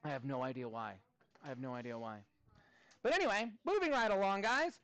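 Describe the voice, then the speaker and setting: A man in his thirties teaching a math class, chatting with students in a playful, animated way. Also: fairly high pitch, fairly quick, dry recording. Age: 30s. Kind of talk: classroom lesson.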